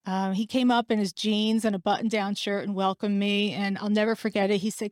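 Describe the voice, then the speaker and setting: A woman's voice: mid-range voice, fairly quick, hardly any pauses, no room sound. Woman, middle-aged, podcast host, personal storytelling, acts out quotes, dry close sound. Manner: animated, acts out quoted dialogue.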